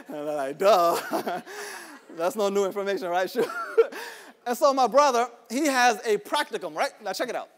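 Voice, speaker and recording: A male pastor preaching a sermon to a congregation, calling for responses, laughing between lines and rising to shouts in a church sanctuary. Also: sits high, lively intonation, a little slow, pauses often.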